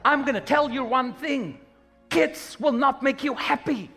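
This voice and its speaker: A man preaching a sermon, animated and humorous, acting out little scenes as he goes. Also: extremely high pitch, a little slow, vocal fry, soft background music. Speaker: pastor.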